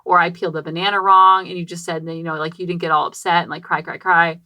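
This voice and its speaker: Woman, 30s, podcast host, animated storyteller with crisp bright tone, recorded dead-dry in a closet. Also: fairly low pitch, fast talker, dry recording. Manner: chatty and animated, acting out quotes, many "like" fillers. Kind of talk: personal storytelling. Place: small closet. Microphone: podcast microphone.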